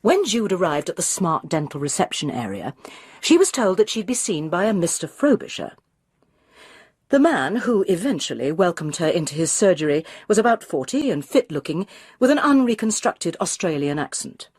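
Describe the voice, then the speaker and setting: Husky, expressive woman narrator. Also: lowish voice, moderate pace, no room sound, studio quality. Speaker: audiobook narrator. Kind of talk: scripted narration.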